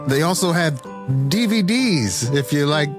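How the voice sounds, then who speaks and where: A man in casual podcast banter, telling grim jokes in a deadpan way. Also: on the high side, a little slow, music in the background. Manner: deadpan dark humor. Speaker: podcast producer.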